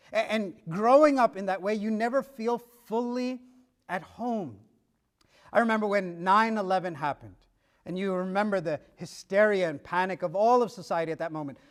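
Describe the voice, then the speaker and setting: A middle-aged man preaching, telling stories and acting out dialogue with shifts of pace and volume. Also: high-pitched. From United States. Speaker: pastor. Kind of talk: sermon.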